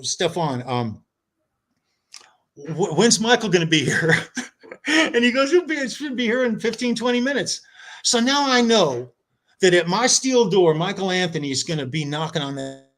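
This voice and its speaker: Guy telling a story on a podcast over video call, kinda high voice, acts out the quotes. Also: lively intonation, measured pace, fairly bright tone. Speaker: podcast guest. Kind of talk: casual storytelling chat.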